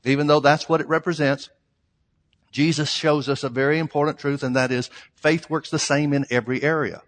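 A man's voice: a little high, fairly even intonation, fairly quick. Preaching man in a reverberant hall. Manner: emphatic, reads scripture in old-style phrasing. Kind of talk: sermon.

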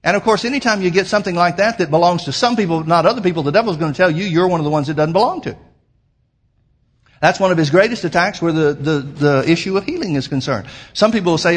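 A man preaching a sermon as pastor, emphatic, slowing down to quote scripture. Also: on the high side, animated, breathy edge.

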